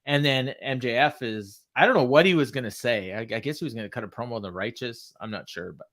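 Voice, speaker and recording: A man talking through a recap in a relaxed, conversational podcast manner. His voice sits at an ordinary middle pitch. He laughs easily and keeps the chat loose. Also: quick pace. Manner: chatty, laughs often, reads out quotes. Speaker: podcast co-host. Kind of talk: casual wrestling recap.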